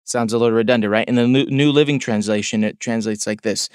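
A man's voice: medium pitch, steady tone, fast talker, darkish tone, clean tone, dry recording, clean studio sound. A man preaching a sermon in an earnest, questioning way, repeating words for emphasis. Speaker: pastor.

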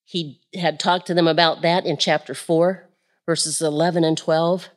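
Woman, preacher, Pentecostal sermon, slow pace, expressive delivery. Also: deep voice. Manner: expressive, rises to shouts and drops to quiet.

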